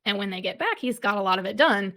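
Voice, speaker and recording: A woman's voice: medium pitch, animated, fast, sharp tone, rough recording. A woman co-hosting a podcast, recapping a film's plot in casual chat and mimicking the characters. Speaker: podcast co-host.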